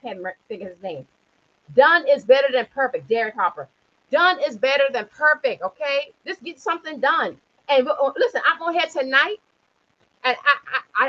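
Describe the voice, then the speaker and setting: Speaking with a South Carolina accent from around Charleston, this high-pitched woman gives a preachy, high-energy motivational livestream on retirement planning, her line of work, regularly asking "okay?". The audio has its highs cut off.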